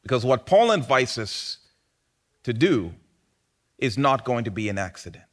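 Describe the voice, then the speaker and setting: A man delivering a sermon in a medium-pitched voice that swings widely up and down. He preaches with animation, rising to loud, emphatic peaks before dropping back to quieter, lower passages. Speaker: pastor.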